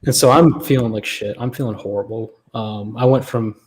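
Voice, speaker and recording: Man telling a lively story. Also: on the low side, moderate pace, a little hiss or hum. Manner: animated, acts out other people's lines. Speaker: guest. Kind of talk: casual storytelling on a livestream.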